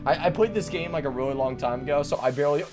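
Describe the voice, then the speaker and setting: A young man doing let's play commentary, hyper and rambling, joking around and breaking into sudden loud outbursts. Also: fairly high pitch, racing. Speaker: gaming commentator. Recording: faint game music behind.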